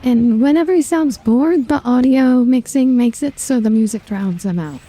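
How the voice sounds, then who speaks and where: A woman with a deeply mellow, dark tone chats on a game stream. She lays out detailed trivia with confidence and firmly corrects others. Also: normal speed. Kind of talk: casual gaming stream chat.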